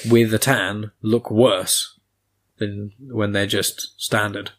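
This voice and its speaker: A young man hosts a podcast in a casual chat, speaking slowly in a lowish voice with fairly even intonation. He gives blunt opinions and tends to swear.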